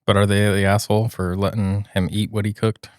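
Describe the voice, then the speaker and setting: A man co-hosting a podcast, reading a post aloud in a steady way and then giving his views in relaxed chat. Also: fairly low pitch, fairly quick, dry recording, studio quality. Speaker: podcast co-host reading stories.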